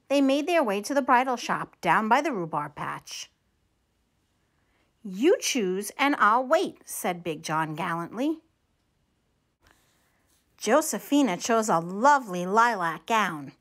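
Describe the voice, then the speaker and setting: A woman reading a children's story aloud with animated, expressive storytelling. Her voice rides fairly high and swings widely, and she takes an unhurried, slow pace. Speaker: storytime reader.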